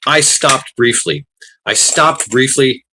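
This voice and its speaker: A man's voice: mid-range voice, steady tone, takes it slowly, noisy background. A man chatting casually while gaming, rambling with many restarts and fillers, swearing freely.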